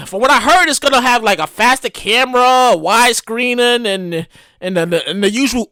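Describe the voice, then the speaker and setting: A woman hosting a podcast, ranting casually about the news, animated and profane with loud exclamations. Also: fairly high pitch, moderate pace, dry recording, studio quality. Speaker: podcast host. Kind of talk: casual comedic news rant.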